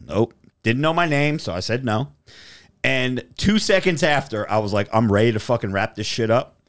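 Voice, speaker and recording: A podcast host with a mid-range voice tells a story casually and fairly quickly, swearing a lot and animatedly acting out the dialogue.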